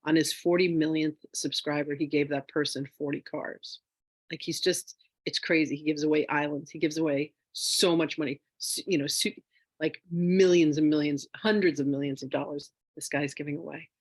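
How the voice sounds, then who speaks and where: A woman telling a personal story in a casual, animated way as a spiritual wealth teacher, with lots of fillers. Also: deep voice, normal speed, dry recording. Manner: animated, chatty, with frequent fillers; emotional, near tears.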